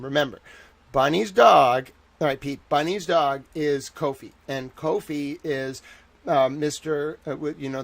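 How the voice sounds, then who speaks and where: A man's voice: on the high side, dry recording. A young man hosting a livestream, chatting casually and rambling animatedly while reacting to viewer chat. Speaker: livestream host.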